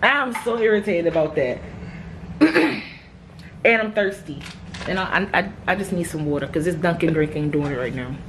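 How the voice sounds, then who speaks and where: A young woman chatting casually on her vlog, talking fast and heated, swearing freely as she vents. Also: deep voice, noisy background. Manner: animated, exasperated, swears freely. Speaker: vlogger. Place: hotel room at night.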